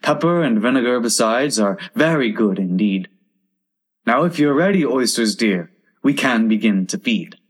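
A man's voice: medium pitch, expressive, moderate pace, lightly acted. A man voicing a sly, sentimental old walrus with a grand, coaxing manner.

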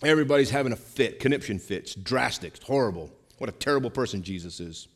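Man preaching, pastor, mid-pitched voice, loud peaks and quiet drops, repeated phrases, long church reverb. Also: quick pace. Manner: animated preaching, swings between loud emphasis and hushed asides, repeats lines. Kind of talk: sermon.

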